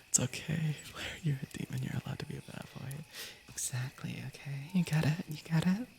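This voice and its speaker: This young man's voice is a little high, creaky, and darkish in tone, with slight background noise behind it. He whispers through an ASMR stream, chatting and reading stories aloud while giggling playfully and breaking off mid-thought.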